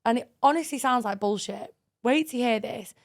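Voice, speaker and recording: A woman co-hosting a podcast, telling dating stories in a lively, swearing, laughing way. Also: a little high, normal speed. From England. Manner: animated, swearing, laughing storyteller. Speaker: podcast co-host. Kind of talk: casual chat.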